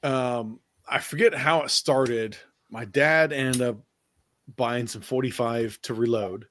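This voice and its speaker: A man's voice: medium pitch, fairly even intonation, slow, a bit bright. A man hosting a podcast, telling a long rambling story in casual chat, laughing easily and swearing now and then. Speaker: podcast host.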